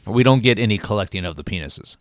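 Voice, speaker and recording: A man from Florida co-hosting a casual film review, speaking haltingly with many fillers and restarts. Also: on the low side, animated, dry recording, clean studio sound. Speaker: podcast co-host.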